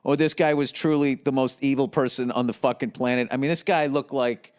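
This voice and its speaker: A man's voice: medium pitch, steady tone, brisk. A man hosting a solo podcast, rambling in a profane, blunt way and often slipping into mocking voices. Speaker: podcast host.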